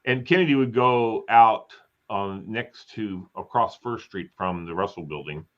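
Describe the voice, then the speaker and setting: Speaking unhurriedly in a lowish voice, this host runs a casual live chat where he tells meandering stories and performs the quotes. It's chatty, and the lo-fi audio sounds a little dull.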